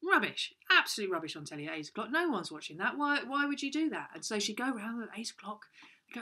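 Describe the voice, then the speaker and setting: A woman's voice: fairly high pitch, big pitch swings, fast, pushed and bright, husky. A woman telling a silly, rambling story for children, with playful voices and lots of restarts. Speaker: children's show co-host. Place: home.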